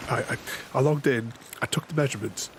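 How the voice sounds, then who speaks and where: A man giving casual, rambling gameplay commentary as a channel host, often restarting his sentences and chuckling to himself. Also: mid-range voice. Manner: rambling, self-interrupting, chuckling. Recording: voice over steady game noise.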